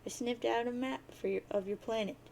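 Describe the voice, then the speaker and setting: A woman's voice: a little high, fairly even intonation, fairly quick, gravelly, a little mellow, slight background noise. A woman reading as a bossy, mocking blind girl. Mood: teasing. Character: blunt, teasing blind teen girl. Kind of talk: reading a webcomic aloud.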